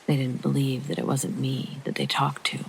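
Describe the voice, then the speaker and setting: A deeply gravelly, fry-laden voice reads a true horror story for sleep, slow and hushed, sometimes sinking to a near-whisper. Its pitch sits in a middling range. Faint rain patters underneath. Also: completely flat delivery, slight background noise, rough recording. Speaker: narrator. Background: soft rain.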